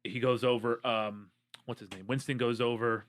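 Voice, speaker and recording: A man co-hosting a podcast, telling a movie's plot step by step in a mid-range voice. He pauses often with "um" and slips in deadpan jokes along the way. His delivery stays loose and conversational. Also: medium pitch. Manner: joking, wry storyteller, many "um"s. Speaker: podcast co-host. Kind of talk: casual movie recap chat.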